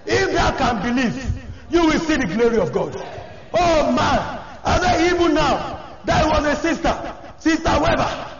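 A man with a strikingly high voice preaches in an emphatic, shouted style, his lines peppered with exclamations of praise. The sound is dull and lo-fi, with a long echo rolling through a large hall and a congregation clearly audible around him. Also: animated, a little slow, a crowd in the background. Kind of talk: sermon.

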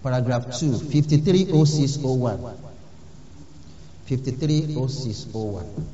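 A man's voice: mid-range voice, lively intonation, measured pace, dark tone, slight background noise. A man preaching a sermon as pastor, earnestly urging his listeners and repeating key phrases. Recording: echoey hall, dull lo-fi sound.

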